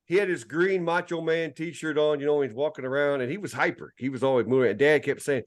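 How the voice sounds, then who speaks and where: A man's voice: brisk, few pauses. A man, co-hosting a podcast, telling family stories in casual chat and teasing his brother. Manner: teasing, imitates family in higher voice. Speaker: podcast co-host.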